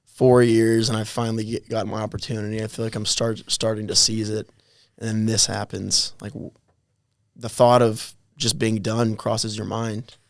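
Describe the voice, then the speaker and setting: A college athlete in his twenties, telling his story in a guest interview with many halting restarts and little chuckles. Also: lowish voice, little pitch movement, vocal fry, dry recording, studio quality. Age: 20s. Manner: halting, repeats words, chuckles while telling stories. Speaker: college football player, guest.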